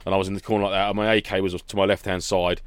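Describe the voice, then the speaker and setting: A man's voice: low voice, level tone, racing, clean tone, no echo, clean studio sound. A man co-hosting a podcast, telling stories in a loose, banter-heavy casual chat. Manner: banter-heavy storytelling with swearing and laughs. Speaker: podcast co-host.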